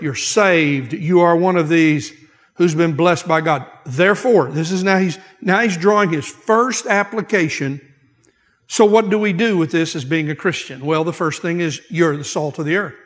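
A man preaching a sermon as pastor, emphatic, repeating key phrases and slowing down to stress them. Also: high-pitched, fairly bright tone. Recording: long hall reverb.

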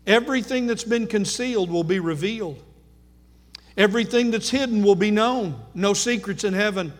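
High-voiced preacher in a reverberant hall. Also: male voice, unhurried. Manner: emphatic, repeats key phrases for stress. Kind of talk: sermon.

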